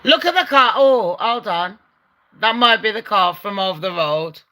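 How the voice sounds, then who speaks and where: A woman commentating on a true-crime video, excitable, loud and swearing a lot. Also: medium pitch, moderate pace. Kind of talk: live commentary over video.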